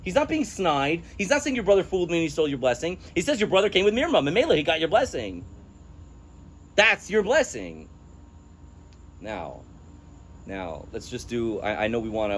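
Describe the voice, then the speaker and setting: Animated man teaching a text class. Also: lowish voice, slight background noise. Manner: emphatic, mixes in scriptural quotes, laughs. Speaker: religious studies teacher. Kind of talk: text-study lecture with a class.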